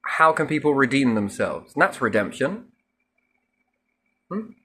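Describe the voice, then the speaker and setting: Husky man musing aloud. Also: mid-range voice, very animated, a little slow, a bit bright. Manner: musing, asks himself questions, casual swearing. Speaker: speaker musing on faith. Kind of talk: rambling spiritual monologue.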